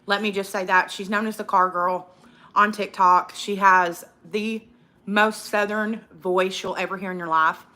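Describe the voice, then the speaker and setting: A woman's voice: medium pitch, flat delivery, measured pace, pushed and bright. A young woman hosting a casual eating livestream, outspoken and profane, ranting and reading viewer comments aloud. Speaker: livestream host.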